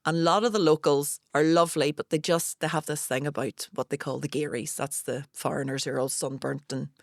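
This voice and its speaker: A woman hosting a podcast, telling a lively anecdote in casual chat and acting out other people's lines. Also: deep voice, fairly quick, gravelly, no echo, clean studio sound. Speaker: podcast host.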